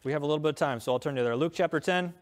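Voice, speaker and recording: A man's voice: a little high, very fast. Earnest man preaching a sermon. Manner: earnest preaching, reading scripture aloud. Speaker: pastor.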